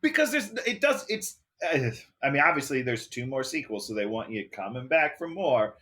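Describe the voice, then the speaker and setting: Bright-voiced, sarcastic man. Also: mid-range voice, big pitch swings. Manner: sarcastic, quick quips. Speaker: co-host. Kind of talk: comedic podcast banter.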